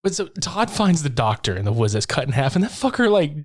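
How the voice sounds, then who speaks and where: A man on a podcast breezily walking through a horror film's plot, swearing freely. He laughs often and slips into quick impressions of the characters as he retells the scenes. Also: fairly high pitch, sing-song. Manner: profane, laughing, acts out lines from the film. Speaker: podcast co-host. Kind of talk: casual movie recap chat.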